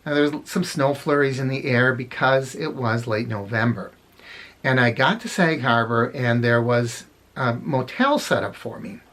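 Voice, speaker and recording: A man's voice: mid-range voice, normal speed, a bit bright. A middle-aged man casually telling funny anecdotes, rambling and correcting himself as he goes. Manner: rambling, self-correcting, chuckles at his own stories. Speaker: storyteller vlogger.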